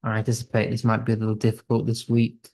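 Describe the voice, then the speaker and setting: A man's voice: fairly low pitch, completely flat delivery, fast, creaky, darkish tone. Man, British accent, English tutor, online class quiz, upbeat, thinks aloud.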